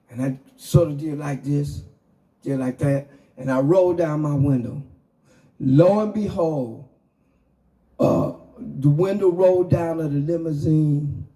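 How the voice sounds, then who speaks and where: A middle-aged man hosting a podcast who tells a lively personal story in a casual, chatty way. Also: a little high, distant mic, poor audio. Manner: animated, chatty anecdote with acted-out quotes. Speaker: podcast host.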